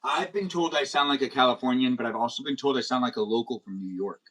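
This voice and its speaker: A young man hosts a casual live stream in a middle-pitched voice. He rambles through his stories, animated and full of fillers. The talk is loose and chatty. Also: fast talker, slight background noise, poor audio. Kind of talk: casual chat.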